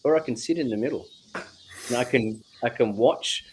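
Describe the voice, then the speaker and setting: A man, a guest speaking slowly and reflectively on spiritual ideas, with drawn-out phrasing and casual swearing. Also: medium pitch, slight background noise.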